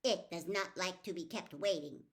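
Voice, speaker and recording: A woman's voice: on the low side, normal speed, close to an everyday voice. A woman reading aloud, voicing a possessed little boy who speaks coldly and rudely. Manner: cold, rude, dismissive.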